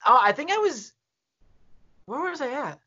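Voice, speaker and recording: A man's voice: very high voice, sing-song, moderate pace, sharp tone. A young man co-hosting, rambling casually with lots of swearing and fillers. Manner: rambling, profane, lots of "dude". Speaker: podcast co-host. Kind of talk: casual chat. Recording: lo-fi dull audio.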